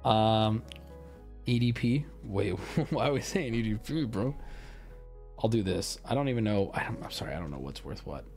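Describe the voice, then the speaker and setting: A man streaming live, chatting casually with his viewers while he opens card packs, swearing and switching between loud bursts and mumbling. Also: fairly low pitch, lively intonation, moderate pace, faint music behind.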